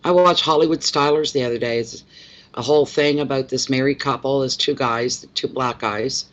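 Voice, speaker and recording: A man from Canada hosts a relaxed live stream as a tarot reader, chatting with viewers and greeting them one by one. He rambles and often repeats his words. The audio is a little muffled and lo-fi. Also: medium pitch, normal speed. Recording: slightly dull lo-fi audio.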